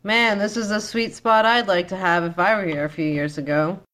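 A woman's voice: medium pitch, fairly even intonation, moderate pace, a bit bright. A woman playing a tabletop game, joking and playful. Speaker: player. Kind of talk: casual tabletop play.

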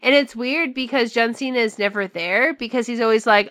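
A woman co-hosting a podcast, chatting casually in an animated, profane way with mocking asides. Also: on the high side, fairly quick, dry recording, clean studio sound. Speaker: podcast co-host. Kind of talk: casual chat.

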